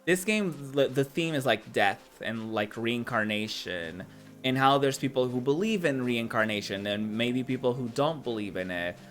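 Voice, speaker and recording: A man's voice: medium pitch, animated, moderate pace, fairly bright tone, soft background music. A man chatting casually while streaming a game, filled with "like" and laughs. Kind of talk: casual gameplay commentary.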